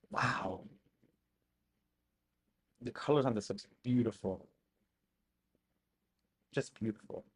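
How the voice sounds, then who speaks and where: A live-stream host casually reacting to old videos, excitable and chatty, bursting into loud exclamations and making apologetic asides to viewers. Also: mid-range voice.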